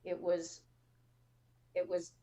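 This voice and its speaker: A woman's voice: fairly low pitch, completely flat delivery, slow, mellow. Chatty woman host telling stories. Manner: chatty storytelling, acts out quoted dialogue. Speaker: show host. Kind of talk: casual call-in show chat.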